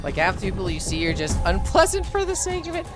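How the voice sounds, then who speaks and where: Animated woman streaming, voice jumps all over, swears a lot, trailer music in the back. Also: medium pitch, fast. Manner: animated, swears freely, acts out quotes. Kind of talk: casual live-stream chat and storytelling. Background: game trailer music.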